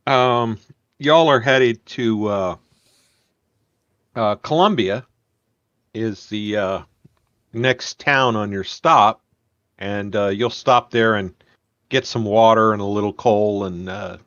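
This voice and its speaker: Slow halting guy running a tabletop game, lots of ums, dry muffled mic. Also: on the low side, fairly bright tone, no echo. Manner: halting, many filler words. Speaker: game master.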